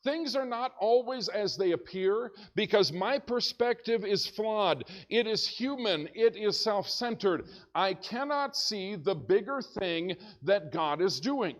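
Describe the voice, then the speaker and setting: A man preaching as a pastor, telling a story in an animated way and shouting when excited, in a church. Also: high-pitched, slow, hardly any pauses. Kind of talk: storytelling sermon. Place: church sanctuary.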